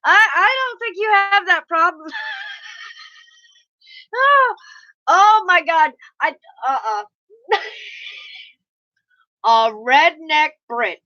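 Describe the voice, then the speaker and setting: Middle-aged woman, high and bright, chatty streamer who swears and laughs easily, muffled lo-fi audio. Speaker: live streamer. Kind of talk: casual chat reading live comments. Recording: slightly muffled lo-fi mic audio.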